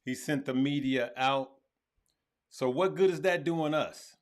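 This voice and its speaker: A man hosting a live stream about crypto gives casual commentary, talking directly to his viewers, whom he calls "good people." He is animated and repeats his points often, speaking at a measured pace with a medium-pitched voice.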